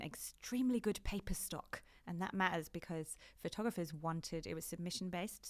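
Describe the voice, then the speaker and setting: A British woman in her thirties talks in a low, deep register as a podcast guest. She is chatty and animated and often laughs as she talks. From Britain. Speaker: podcast guest, fashion journalist. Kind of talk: casual interview chat.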